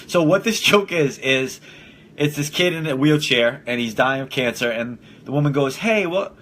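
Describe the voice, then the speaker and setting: A man's voice: medium pitch, fairly even intonation, normal speed, a bit bright. A young man hosting a casual solo podcast, blunt and profane, who often laughs at his own jokes. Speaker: podcast host.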